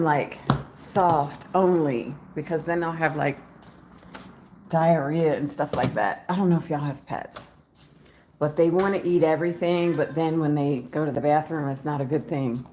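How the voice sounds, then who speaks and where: Chatty woman, slightly low voice. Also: measured pace, long pauses, dark tone, slight background noise. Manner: chatty and rambling, often laughing, talks to her cat. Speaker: travel vlogger. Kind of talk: casual morning chat to camera. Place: at home in the morning.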